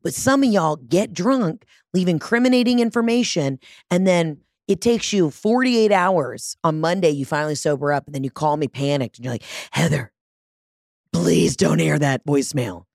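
A woman in her thirties hosts a comedy podcast, brash and profane, rambling and self-deprecating. Her voice is lower than most women's and swings widely in pitch. It sounds close and dry in the studio mic. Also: animated, moderate pace, a little mellow, no echo. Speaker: podcast host. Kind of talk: casual comedic monologue. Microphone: studio mic with large headphones.

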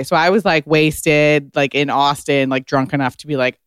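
A woman guest spills a story in a loose, animated podcast chat, leaning on "like" constantly. Her tone is smooth and resonant. The sound is dry and close, with no room echo. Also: deep voice, normal speed. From United States. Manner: chatty, heavy use of "like", animated retelling.

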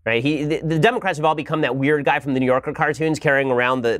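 Male podcast host, rapid-fire, combative and sarcastic, commentary monologue. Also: medium pitch, steady tone, a bit bright, no room sound, studio quality.

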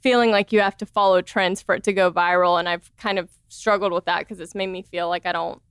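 A woman's voice: fairly low pitch, steady tone, brisk, smooth, no echo, studio quality. A woman in her thirties chatting as a podcast guest, laughing often and acting out the voices she quotes. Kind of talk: casual interview chat.

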